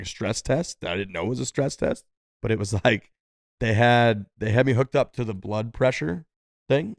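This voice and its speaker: Co-hosting a podcast, a man with a lowish, slightly mellow voice rambles through a long story, leaning heavily on "like" and "dude" and quoting others in altered voices. The studio sound is clean, with no echo.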